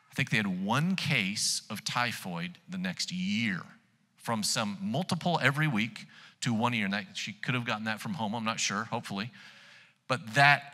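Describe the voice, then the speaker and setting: A man preaching a sermon, telling stories in an animated way that turns loud when he gets excited. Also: lowish voice. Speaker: pastor. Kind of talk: sermon storytelling. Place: church hall. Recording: long church hall reverb.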